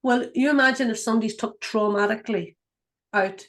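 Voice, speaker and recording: A woman's voice: fairly high pitch, fairly quick. Earnest rambling woman. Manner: earnest, rambling, many restarts and fillers. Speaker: intuitive guide and clairvoyant. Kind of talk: casual spoken teaching, storytelling.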